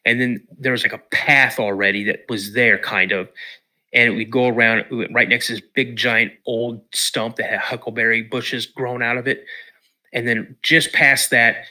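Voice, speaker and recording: A man from Washington State, a podcast guest telling an animated story and acting out the other people's lines. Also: medium pitch, moderate pace. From Washington State, USA. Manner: lively storyteller who acts out the voices of others.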